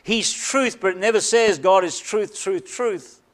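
Here a man with a high voice preaches as a pastor, forceful and deliberately repetitive. At moments he drops dramatically to a hush.

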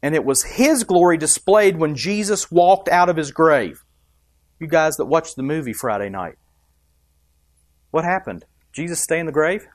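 A man's voice: a little high, animated, normal speed, no room sound, studio quality. A man preaching a sermon, emphatic and rising and dropping for effect, asking the congregation questions. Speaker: pastor.

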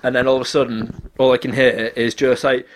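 A man co-hosting a podcast, chatting in a rambling, animated and sweary way. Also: medium pitch, brisk. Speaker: podcast co-host. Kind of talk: casual chat.

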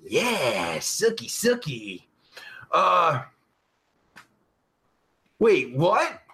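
A man's voice: on the high side, wildly swooping pitch, extremely slow, bright, forceful tone, exaggerated voice. A man playing a crude, foul-mouthed pervert character who hosts a comedy live stream, rambling and swearing constantly. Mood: cocky joking. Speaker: host.

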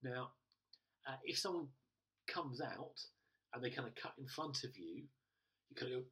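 Male pastor, conversational sermon, husky tone, picked up at a distance. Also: mid-range voice, moderate pace, pauses often, bright, forceful tone. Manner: chatty, with acted-out asides and many fillers. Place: church.

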